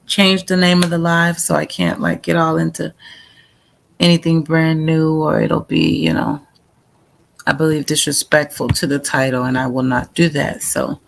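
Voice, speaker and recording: A woman's voice: deep voice, gravelly, slight background noise. A woman hosting a casual live stream, chatting directly with her viewers in a chatty way, and at times reading out a prayer. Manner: chatty, talks straight to viewers, reads out a prayer. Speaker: livestream host. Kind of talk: casual livestream chat with viewers.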